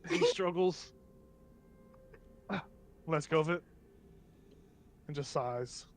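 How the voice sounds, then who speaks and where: A man's voice: a little high, drawn-out words, slight background noise. A man narrating a tabletop game as game master, often chuckling and restarting as he goes.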